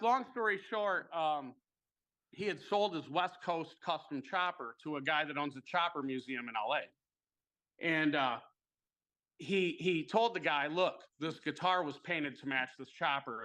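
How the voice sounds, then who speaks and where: A man with a bright, somewhat high voice tells a rambling story in casual chat. He is animated and lively, and he swears freely. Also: unhurried.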